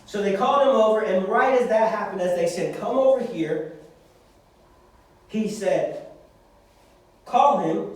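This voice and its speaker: Young male youth preacher, high voice, far mic in a big echoey church hall. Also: lively intonation, measured pace, long pauses. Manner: preaching, acting out prayers. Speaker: youth pastor. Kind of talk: sermon to young people.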